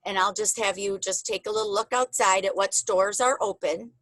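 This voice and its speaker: A woman hosts a casual online chat, talking in a gushing, emotional, chatty way. Her voice sits at a middle pitch and sounds dry and close, with no room around it. The audio comes over a video call. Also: fairly even intonation, normal speed, fairly bright tone, no room sound, poor audio. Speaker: host.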